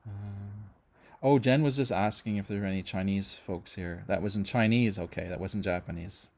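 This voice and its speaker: A man's voice: lowish voice, moderate pace. Chatty Canadian man hosting a livestream. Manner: chatty, friendly, rambling with many fillers and restarts. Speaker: host of a music channel livestream. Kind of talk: casual livestream chat reading viewer comments.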